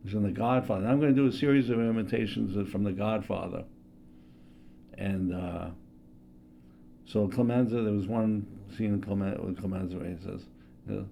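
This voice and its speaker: A man's voice: fairly low pitch, gravelly, warm tone, slight background noise. A man in his sixties hosting a show in a studio, chatty and self-deprecating as he introduces a comedy routine. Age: 60s. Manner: chatty, self-deprecating, hesitant with many fillers. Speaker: host. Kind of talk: stand-up impressions routine.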